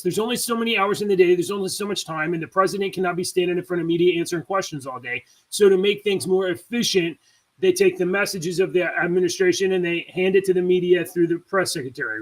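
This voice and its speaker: A man's voice: high voice, fairly bright tone, poor audio. A man co-hosting a casual podcast, explaining things and laughing easily. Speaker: podcast co-host.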